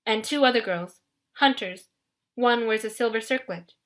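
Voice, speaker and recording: A woman's voice: on the high side, moderate pace, a bit bright, close to an everyday voice. A woman voicing a cruel, scheming male villain with a French accent in an audiobook, fawning and sneering.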